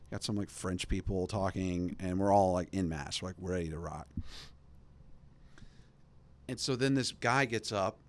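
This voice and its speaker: A man hosting a podcast, telling a rambling, animated story in casual chat and acting out the voices of the people in it. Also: lowish voice. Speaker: podcast host.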